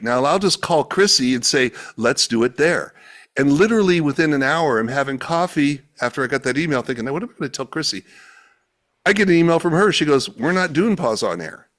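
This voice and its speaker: A man's voice: on the high side, fairly bright tone. A man telling a story in casual conversation, acting out the dialogue he quotes, speaking over a video call. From United States. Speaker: guest, event organizer. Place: home, remote call.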